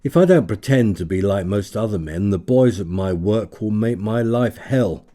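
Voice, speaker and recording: A man reading the part of a lonely, nervous migrant worker, speaking in a hurried, anxious way. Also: fairly low pitch, expressive, mellow, natural voice.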